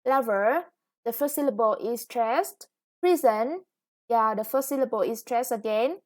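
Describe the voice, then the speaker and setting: A woman with a Vietnamese accent teaching an English lesson, explaining patiently and drawing out new words as she goes. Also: fairly high pitch. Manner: patient, explains slowly, stretches new words, self-corrects. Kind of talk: recorded classroom lesson for students.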